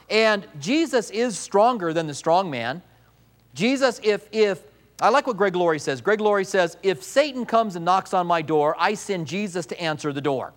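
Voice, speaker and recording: A man preaching a sermon as a pastor, animated, acting out voices in quotes and repeating key lines for emphasis. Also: sits high.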